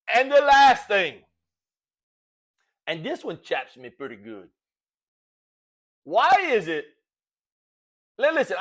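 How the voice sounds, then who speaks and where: High-voiced folksy Cajun man ranting. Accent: Cajun Louisiana. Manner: folksy, animated, rhetorical, says "all right?" often. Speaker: sports talk host. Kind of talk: opinionated sports talk rant.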